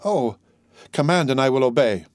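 A man's voice: medium pitch, expressive, normal speed, a little mellow, dry recording, clean studio sound, close to an everyday voice. A man voicing an earnest young sailor held as a prisoner, speaking in an eager, pleading way in a raised voice. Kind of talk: audiobook character voice.

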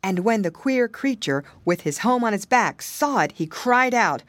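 A woman narrating a children's storybook in a playful, expressive manner. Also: on the high side, normal speed, few pauses, no echo. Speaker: audiobook reader.

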